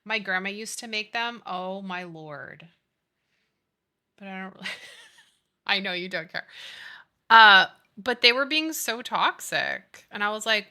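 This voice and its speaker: A woman's voice: medium pitch, big pitch swings, a little slow, long pauses, bright, forceful tone. A young woman streaming a building game, chatting casually with friends and viewers, giggly and swearing freely. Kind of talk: casual live-stream chat while gaming.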